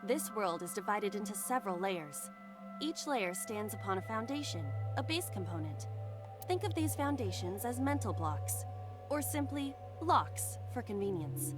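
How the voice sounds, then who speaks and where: A woman voicing a calm female AI partner in a video game, explaining things in a composed, matter-of-fact way. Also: mid-range voice, normal speed, natural voice. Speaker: game character. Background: game music.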